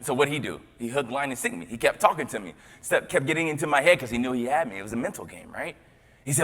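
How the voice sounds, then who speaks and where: Young guy giving a motivational talk, bright voice, goes loud then hushed, big echoey hall. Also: mid-range voice, fast talker. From Tennessee. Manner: storytelling with lively swings from loud to hushed, repeats words. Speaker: motivational speaker. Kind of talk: motivational keynote speech. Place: large conference hall. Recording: long hall reverb.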